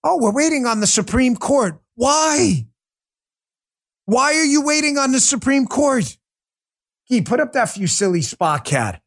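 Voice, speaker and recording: A man's voice: very high voice, very animated, measured pace, a bit bright. A man hosting a livestreamed political commentary show, talking in a combative, sarcastic rant. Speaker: political talk show host.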